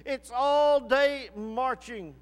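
Man reading as a plaintive young draftee, high voice, long hall reverb. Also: drawn-out words, clear, resonant tone, full character voice. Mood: weary. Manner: complaining, plaintive. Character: weary young male army draftee writing home.

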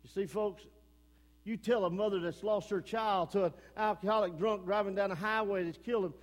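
A man with an East Texas accent delivers an impassioned sermon from the pulpit. His voice sits strikingly high and carries a long reverb from the church hall. He swings from shouted warnings to quiet, earnest pleading. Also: steady tone, brisk. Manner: impassioned preaching, swings between shouting and low earnest talk. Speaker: pastor. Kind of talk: fiery sermon. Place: church sanctuary.

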